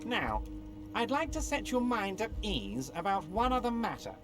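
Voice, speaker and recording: An oily union boss in a video game, high and sing-song as he soothes and patronizes. His pitch swoops all over, and game music plays beneath him. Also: huge pitch swings, moderate pace. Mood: reassuring. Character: smooth, scheming union boss, big middle-aged man.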